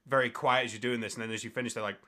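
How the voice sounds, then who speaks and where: A man's voice: medium pitch, steady tone, very fast, bright, forceful tone. A man running a tabletop game as game master, narrating casually with lots of fillers.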